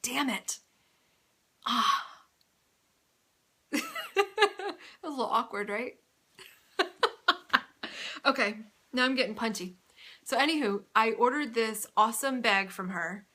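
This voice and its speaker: A woman's voice: on the high side, brisk, bright, forceful tone. A woman hosting her own video podcast, chatting in a gushing, rambling way at home with frequent laughter. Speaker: podcast host. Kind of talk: casual video podcast chat. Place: indoors at home under a bright light.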